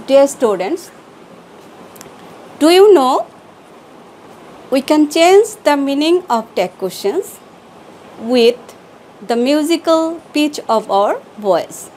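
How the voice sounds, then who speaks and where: Woman teacher going thru grammar real slow, high voice that moves around a lot, bit of hiss behind. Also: lively intonation, darkish tone, rough recording. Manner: slow, deliberate explaining with pauses. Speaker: English teacher. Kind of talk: online class lesson.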